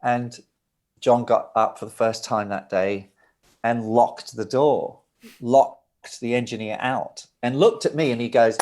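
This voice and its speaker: A middle-aged man, a producer guest, tells studio stories with a mid-pitched voice. He laughs often and breaks off into asides and restarts. The telling is loose and animated. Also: a little slow. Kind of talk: anecdotal interview storytelling.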